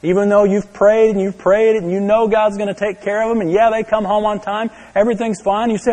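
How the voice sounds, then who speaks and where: A man preaching a sermon, telling a story to his listeners, dropping to a hush and then rising to exclaim. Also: high voice, little pitch movement, a little fast, few pauses, long reverb tail. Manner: storytelling, swinging from hushed to exclaiming. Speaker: pastor.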